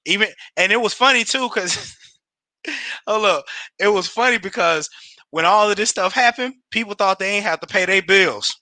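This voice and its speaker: Bright, high-voiced man hyping his livestream. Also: normal speed, no echo. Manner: animated and slangy, laughs often. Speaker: home business promoter on a livestream. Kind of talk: casual livestream pep talk.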